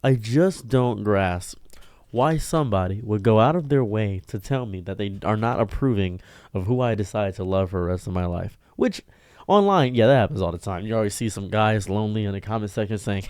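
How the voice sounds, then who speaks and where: A man telling a diary-style story to camera in an exasperated, ranting way, his voice jumping up sharply in pitch. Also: expressive, a little fast, darkish tone, clear, resonant tone, no echo, clean studio sound. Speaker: streamer and video diarist.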